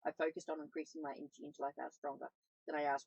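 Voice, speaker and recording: Woman reading aloud with a gravelly voice. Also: sits low, level tone, racing, darkish tone, no echo, poor audio. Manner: reads with small slips and self-corrections. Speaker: audiobook reader, tarot channel host. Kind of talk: first-person novel read aloud.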